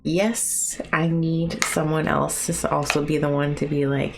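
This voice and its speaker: Low, gravelly streamer woman, unhurried. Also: flat delivery. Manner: chatty, self-mocking, talks to chat while painting. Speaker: streamer painting live. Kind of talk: casual live-stream chat. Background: soft music.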